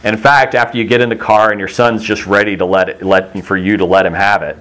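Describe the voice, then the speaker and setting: Man, middle-aged, low-pitched, preaching in a chatty storytelling way. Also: fairly even intonation, quick pace, fairly bright tone. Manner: conversational storytelling, acts out quoted voices. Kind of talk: sermon.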